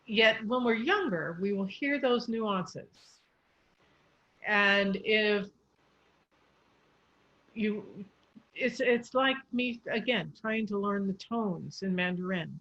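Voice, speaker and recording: A woman's voice: mid-range voice, slow pace, long pauses, a bit bright, lo-fi sound. A woman speech coach explaining English pronunciation in an encouraging, patient way. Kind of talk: coaching session.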